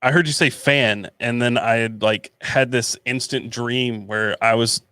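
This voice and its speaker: A man's voice: medium pitch, steady tone, measured pace, bright, forceful tone, clear, resonant tone, dry recording. Guy on a podcast teasing his buddy, mid voice, dry sound. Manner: teasing storyteller. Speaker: podcast co-host. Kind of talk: casual live podcast chat.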